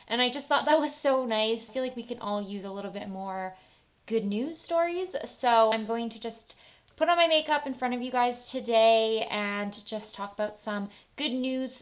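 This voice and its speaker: A young woman beauty vlogger chatting casually while doing her makeup at home, upbeat and easily moved to tears. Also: a little high. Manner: chatty and upbeat, tearing up at touching stories. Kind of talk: casual get-ready-with-me chat.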